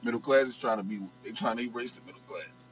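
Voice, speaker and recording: A man in casual podcast chat, laying out his points in a relaxed, rambling way. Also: mid-range voice, fast talker, highs cut off, soft background music. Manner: relaxed, explains points at length with fillers. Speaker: podcast co-host.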